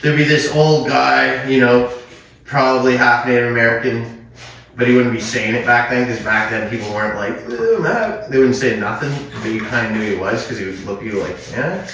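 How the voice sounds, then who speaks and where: A man's voice: medium pitch, fairly even intonation, fairly quick. Rambling crude man on an echoey podcast. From Canada. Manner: rambling, crude, laughs often and loudly. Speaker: podcast host. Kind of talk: crude improvised comedy chat. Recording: roomy echo, mic a bit far off, faint noise.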